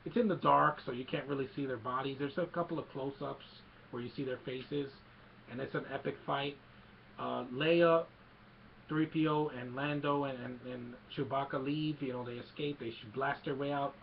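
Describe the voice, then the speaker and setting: A young man retells a film he loves, excited and rambling, often restarting his sentences. His mid-pitched voice has a gravelly edge. The recording is muffled, with a faint hum. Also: normal speed. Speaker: film fan reviewer.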